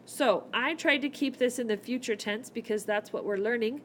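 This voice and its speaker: A woman with a high voice walks through a whiteboard lesson, explaining each step in a chatty, friendly way. She talks into a laptop mic, and faint noise hums underneath. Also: moderate pace, hardly any pauses. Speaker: Spanish teacher.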